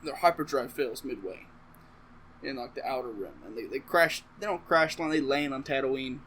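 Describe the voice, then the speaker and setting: A man's voice: medium pitch, normal speed, a bit bright, slight background noise, rough recording. A man casually rambling through a comedic movie recap to camera, swearing freely and interrupting himself with asides. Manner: profane, offhand and rambling, with self-interrupting asides. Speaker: comedic vlogger.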